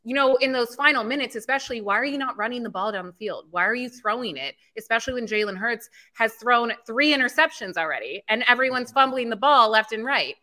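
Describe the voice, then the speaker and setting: A female panelist with a bright, sharp voice, venting frustration about the play calling on a post-game show. Her complaints come in rapid, pointed questions. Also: fairly high pitch, animated.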